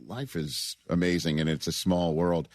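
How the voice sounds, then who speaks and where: A man's voice: deep voice, steady tone, noisy background. A man hosting a sports radio show and chatting casually with a guest. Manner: laid-back, reacts with quick agreements and laughs. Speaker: radio host.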